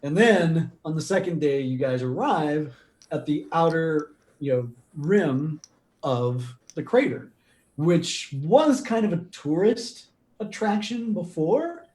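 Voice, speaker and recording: A man's voice: a little high, lively intonation, slow, a little mellow, reverberant. A man narrating a tabletop game as game master in a casual, chatty way.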